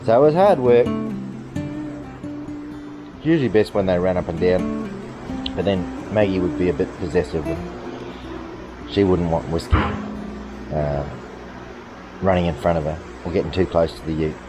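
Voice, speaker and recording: A middle-aged man with an Australian accent and a very low voice chats in a loose, rambling way, often turning to speak fondly to his dog. Music plays clearly behind him throughout. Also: normal speed, long pauses. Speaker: farm vlogger. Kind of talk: casual chat to camera.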